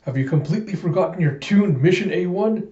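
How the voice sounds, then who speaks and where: A man's voice: high voice, animated, fairly quick, dark tone, voice pushed up. A man voicing a stern female mission controller who gives firm, clipped orders. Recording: echoey room, dull lo-fi sound.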